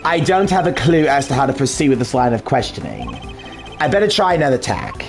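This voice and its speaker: A man voicing a composed, calculating male investigator who speaks in a measured, formal way. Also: medium pitch, very animated, creaky, soft background music, voice pushed down.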